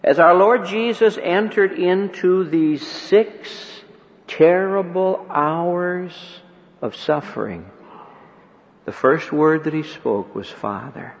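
Preacher guy, slow dramatic sermon, goes loud then hushed, kinda high voice, muffled old recording with big hall echo. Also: expressive. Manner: dramatic swings from ringing emphasis to hushed near-whisper; slow, deliberate rhetorical delivery with repeated questions. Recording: dull lo-fi recording with long hall reverb.

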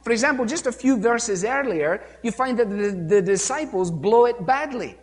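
High-voiced emphatic preacher in a reverberant hall. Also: male voice, animated, moderate pace. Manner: emphatic, rhetorical questions, acts out quotes. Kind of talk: sermon.

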